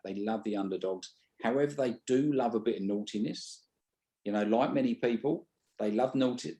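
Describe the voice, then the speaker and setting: A man's voice: on the low side, darkish tone. A man with a British accent, a stage hypnotist talking bluntly in an interview and often restarting his sentences. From Britain. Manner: blunt, swears freely, restarts mid-sentence. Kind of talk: casual interview chat.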